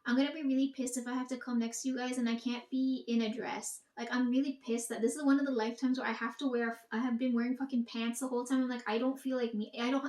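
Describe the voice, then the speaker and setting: A woman's voice: a little high, little pitch movement, fast, hardly any pauses, darkish tone, echoey room. A young woman rambling to her audience in a casual monologue, swearing often and talking emphatically.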